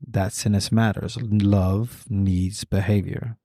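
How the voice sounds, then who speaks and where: Deep, mellow-voiced man, slow and deliberate. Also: level tone, no room sound. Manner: measured, deliberate, repetitive cadence with slow emphatic pauses. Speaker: podcast host. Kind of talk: reflective podcast monologue on fathering.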